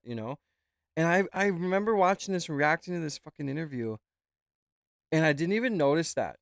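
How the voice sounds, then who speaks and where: A man's voice: mid-range voice, smooth, dry recording. Male streamer, loose and profane, talks in circles, dry close mic. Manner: rambling, swears freely. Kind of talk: casual reaction chat.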